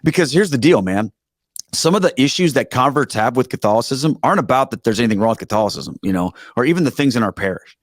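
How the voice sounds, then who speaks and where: A middle-aged man, a former pastor, telling stories as a guest on a talk show in an earnest, emphatic way with animated asides. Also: on the high side, no echo, clean studio sound. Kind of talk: conversational storytelling.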